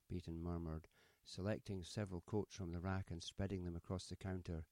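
A man narrating a story in a measured, even audiobook manner. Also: deep voice, no room sound.

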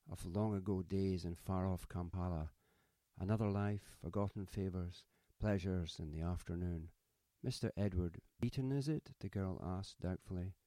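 A man narrating a story in a measured, even audiobook manner. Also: low voice, no room sound.

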